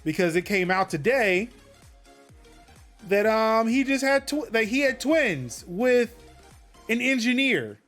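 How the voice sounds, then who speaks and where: A man with a high-pitched voice hosts a loose tech chat, sounding animated and indignant and restarting sentences as he goes. Faint music runs quietly under the talk. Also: slow pace, pauses often. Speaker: podcast host. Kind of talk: casual chat.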